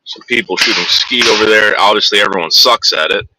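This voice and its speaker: A man's voice: fairly quick, noisy background. A man casually narrating a vlog while driving around and talking to his dogs. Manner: soothing his dogs in a higher coaxing voice. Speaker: vlogger.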